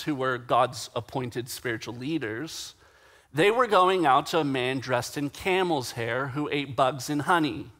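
A man preaching a sermon in a conversational way, slowing down for emphasis and acting out the quoted dialogue. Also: fairly high pitch, a bit bright. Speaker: pastor.

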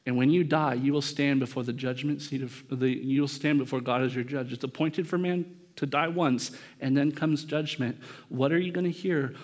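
A man's voice: medium pitch, steady tone, moderate pace, hardly any pauses, darkish tone. A male pastor preaching a sermon in a conversational way, acting out the quoted speakers as short bits of dialogue.

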